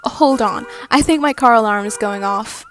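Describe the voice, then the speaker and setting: A woman's voice: fairly high pitch, moderate pace, soft background music, lightly acted. A woman voicing a young woman alone at night who stammers and grows scared, in a creepy story reading. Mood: uneasy. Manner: stammering, rising and insistent.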